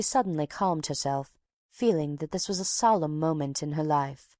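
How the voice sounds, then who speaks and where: A woman narrating a classic novel as an audiobook in a steady, measured reading. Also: sits low, dry recording. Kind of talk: scripted narration.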